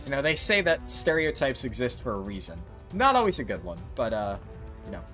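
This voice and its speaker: A man from New Jersey chatting casually while streaming a video game, relaxed and talkative as he reacts to his chat. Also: mid-range voice, fairly quick, faint music behind. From New Jersey, USA.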